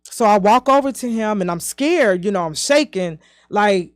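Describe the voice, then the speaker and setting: A woman in her fifties recounts her own past as a podcast guest, her speech mid-pitched and halting, sprinkled with "you know" and "um". Her pace keeps shifting between rushed and drawn-out, and the voice sits dry and close with no room sound. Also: animated, no echo. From southern United States. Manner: speeds up and slows down often. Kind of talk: personal storytelling in conversation.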